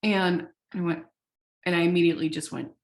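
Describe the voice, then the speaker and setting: A woman founder, a podcast guest, telling her story in a candid, animated way that is loose with swearing. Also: lowish voice, a little fast. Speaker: founder of a sexual wellness company, podcast guest. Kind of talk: casual interview storytelling.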